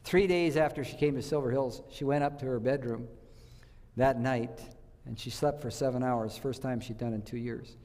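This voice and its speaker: A man's voice: medium pitch, fairly even intonation, moderate pace, a little mellow, long reverb tail. A man giving a health talk to a church audience, telling stories and quizzing his listeners. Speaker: health speaker.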